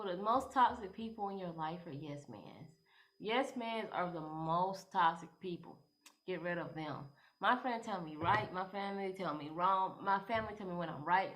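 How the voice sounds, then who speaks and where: A woman's voice: on the low side, a bit bright. A young woman, giving advice to camera in a rambling, casual vlog style full of "you know" fillers. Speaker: vlogger.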